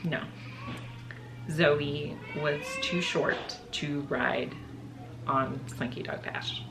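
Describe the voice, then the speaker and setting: A woman's voice: low voice, steady tone, drawn-out words, creaky, music in the background. A young woman telling a personal storytime to her channel, emotional and choking up as she talks. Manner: emotional, choking up and laughing through tears. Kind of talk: casual storytime.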